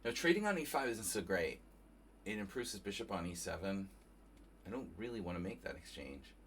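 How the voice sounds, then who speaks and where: A man's voice: low-pitched, sing-song, brisk, fairly bright tone, slight background noise. A man from New Jersey commentating casually on his own chess game, thinking aloud and chatting with viewers. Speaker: chess streamer. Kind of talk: casual live commentary while playing.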